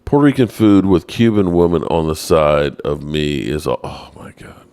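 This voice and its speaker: A man hosting a casual live-stream sports show, reading the chat aloud in a playful, self-mocking way. His voice leaps high when he gets exasperated. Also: expressive, normal speed, mellow, clean tone.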